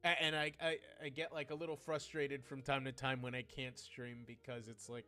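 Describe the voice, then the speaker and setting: A man's voice: medium pitch, little pitch movement, normal speed, bright, forceful tone, faint music behind. A young man chatting casually on his livestream, rambling and heartfelt, with lots of restarts. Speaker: VTuber streamer.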